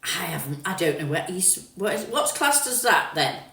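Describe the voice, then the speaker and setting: A middle-aged woman from London, England, hosts a livestream, chatting casually while reading out and answering viewer comments. Her southern English accent is partly mixed with northern, and her fairly low voice is bright and forceful, lively in intonation and moderate in pace. She is recorded from a distance on a phone in an echoey room.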